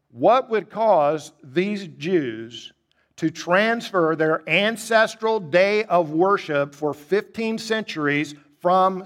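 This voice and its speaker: A man preaches a sermon with emphasis, posing rhetorical questions, rising high on key points and sinking low and quiet when reflecting.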